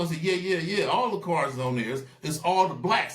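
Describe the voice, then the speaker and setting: A man telling stories in a casual interview, animated and acting out the voices of people he quotes. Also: a little high, brisk, hardly any pauses, roomy sound. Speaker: guest.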